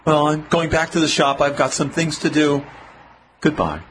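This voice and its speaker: A man's voice: a little high, fairly even intonation, moderate pace, fairly bright tone, a little hiss or hum, natural voice. An actor playing a worried, pleading male shop clerk in a 1940s radio play.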